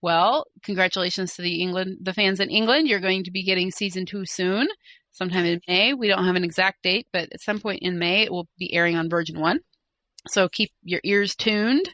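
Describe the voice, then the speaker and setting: A chatty woman co-hosting a fan podcast, full of ums and little laughs as she reads listener letters. Her voice sits a bit low but sounds bright. The sound is dry and close. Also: no room sound. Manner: chatty, giggly, hesitant with fillers. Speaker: podcast co-host. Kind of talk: casual chat, reading listener mail.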